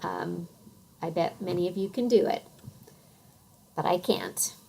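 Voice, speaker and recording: Slow, low-voiced Western American woman teacher. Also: vocal fry, a little hiss or hum, rough recording. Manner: unhurried, thoughtful, many soft fillers. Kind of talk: recorded phonics lecture.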